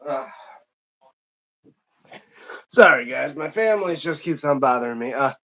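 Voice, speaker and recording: A man's voice: medium pitch, expressive, unhurried, a bit bright, highs cut off. A young man from Michigan hosting an unscripted live stream, reading chat comments aloud and answering them in a rambling, casual way.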